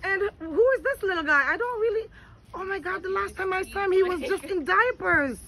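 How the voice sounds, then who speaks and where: A woman's voice: very high voice, fairly quick, pushed and bright. An older woman vlogging a family dinner, chatting fondly to relatives and viewers. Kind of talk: casual family vlog. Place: busy restaurant at a family dinner. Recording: noisy crowded room. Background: crowd chatter.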